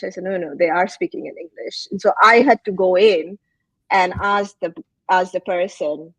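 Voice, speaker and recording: A woman from India answering as a panelist, telling stories in an animated way with many fillers. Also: on the low side, normal speed, dry recording, poor audio.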